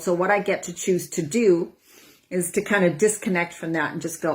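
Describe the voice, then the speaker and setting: A woman over forty, a wellness coach, talking casually to her viewers, chatty and acting out her own inner voices with breathy sighs. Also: on the low side, normal speed. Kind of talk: casual talk to camera.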